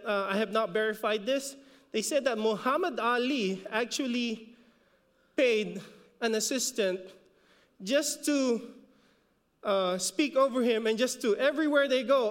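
A man's voice: very high-pitched, big-room sound. A man with a Filipino accent preaching a sermon as a pastor, repeating words for emphasis and rising when he exhorts. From Philippines.

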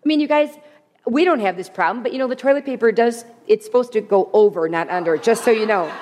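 A woman's voice: a little high, fast talker, a little hiss or hum. Woman preaching with humor in a reverberant hall. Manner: animated, humorous, repeats key phrases. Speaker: women's speaker. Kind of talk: sermon.

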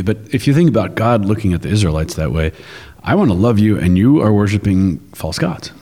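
A man co-hosting a casual podcast conversation, telling stories lively and acting out the voices he quotes. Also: lowish voice, a little fast, few pauses, husky. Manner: lively storyteller who acts out quoted voices. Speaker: podcast co-host.

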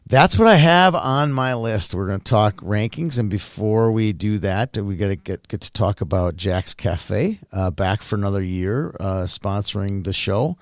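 A man's voice: fairly low pitch, animated, moderate pace, few pauses, dry recording. A man hosting a podcast in casual chat, teasing his co-host and working in sponsor plugs conversationally.

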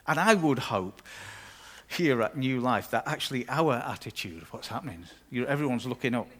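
A man delivers a sermon from the front of his church. He talks in an easygoing, conversational way at a mid pitch, slipping in playful asides between points. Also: expressive, normal speed, a bit bright. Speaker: pastor.

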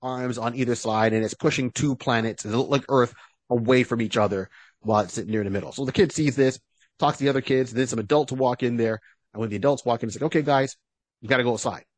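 A man's voice: medium pitch, steady tone, quick pace, no echo. A man co-hosting a podcast, retelling a story in a casual, rambling way with many fillers. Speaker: podcast co-host. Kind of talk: casual chat.

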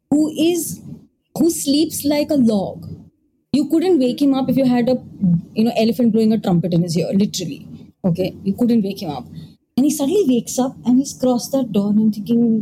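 An animated woman tells a spooky tale in a casual, chatty way. Her voice sits a little high, and she keeps checking that her listeners are following. A steady hum of background noise runs under the recording. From India. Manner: animated, acts out quoted voices, frequent "okay?" check-ins. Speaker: storyteller host. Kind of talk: casual ghost story telling. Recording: noisy background ambience.

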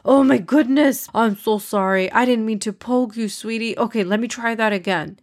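A woman voicing a gentle, patient father in a storybook reading, speaking in a soft, reassuring way. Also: medium pitch, fairly even intonation, normal speed, close to an everyday voice. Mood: flustered.

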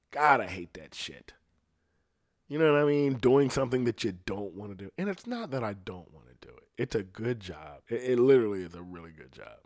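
A man's voice: medium pitch, no room sound, clean studio sound. Profane man musing casually on a podcast. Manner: profane, conversational, laughs at himself. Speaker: podcast host. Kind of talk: casual rambling monologue.

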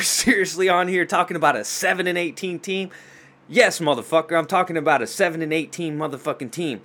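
A man hosting a casual sports show, talking fast and loose with lots of swearing and trash talk. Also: a little high. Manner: profane, excitable trash talk.

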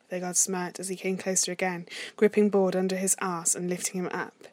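A woman reading an erotic fan fiction story aloud in a soft, unhurried, slightly hushed voice. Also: on the low side, flat delivery, no room sound. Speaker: narrator.

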